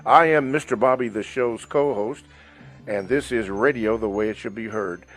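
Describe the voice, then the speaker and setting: A man's voice: lowish voice, normal speed, soft background music. A man co-hosting a live radio talk show, backing up his guest with short affirmations and chuckles, then reading the show's welcome.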